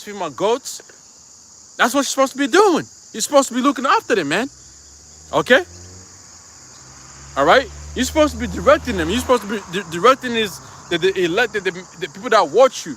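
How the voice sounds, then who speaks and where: A man with a high, bright, ringing voice preaches over a live stream. He talks loosely and profanely, full of asides to the listener, and faint crickets chirp outdoors behind him. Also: slight background noise. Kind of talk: live-stream sermon with personal storytelling.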